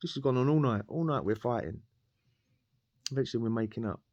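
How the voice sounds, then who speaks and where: A man's voice: medium pitch, brisk, darkish tone, no echo, dull audio. A man telling a rambling personal story in casual slang, laughing often. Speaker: podcast guest telling a prison story.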